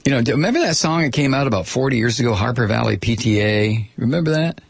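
A man's voice: medium pitch, lively intonation, quick pace, vocal fry, husky, no echo. A man hosting a talk radio show, delivering a sarcastic, combative opinion monologue.

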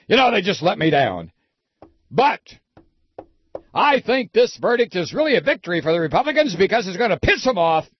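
A man's voice: sits high, slightly rough, dry recording, full character voice. A man doing a mocking impression of a rambling, paranoid, self-pitying male radio pundit. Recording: dull lo-fi sound.

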